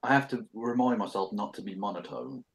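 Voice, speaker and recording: A man's voice: fairly low pitch, steady tone, brisk, breathy edge. A man with an English accent co-hosting a casual online talk show, swearing freely and joking at his own expense. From England. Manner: swears freely, self-deprecating. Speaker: podcast co-host. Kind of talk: casual chat.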